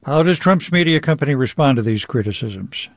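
A man's voice: medium pitch, expressive, brisk, vocal fry, no echo. A man hosting a radio news program, asking questions and reading a wry, affectionate essay. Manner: warm, wry storytelling.

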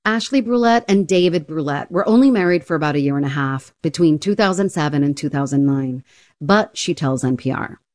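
A woman radio reporter delivering a news story in a clear, even reporting style. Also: low-pitched, brisk, no echo, clean studio sound.

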